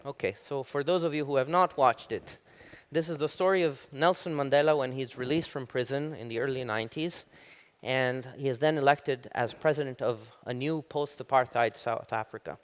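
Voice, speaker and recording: A middle-aged man from Italy, giving a public university lecture as an animated storyteller. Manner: animated storyteller, rises high when telling jokes. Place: lecture hall.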